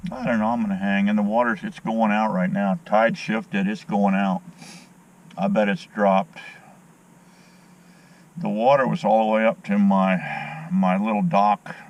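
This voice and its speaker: A middle-aged fishing vlogger with a deep voice chats to his handheld phone camera while fishing from a dock outdoors. His talk is folksy, rambling, and opinionated, full of fillers, and the audio sounds dull.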